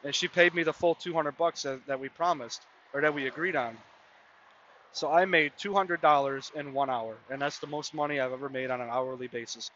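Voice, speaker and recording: A man's voice: a little high, a little fast, fairly bright tone, dull audio, a little hiss or hum. A man in his mid-twenties hosting a podcast, telling a casual, rambling story full of "I mean" and "you know". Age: mid-20s. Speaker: podcast host.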